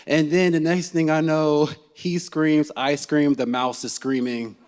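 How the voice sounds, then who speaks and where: A man telling a funny personal story to a live audience, animated and laughing as he goes. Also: on the high side, measured pace, clear, resonant tone. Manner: animated and comic, laughing as he tells it. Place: theater stage.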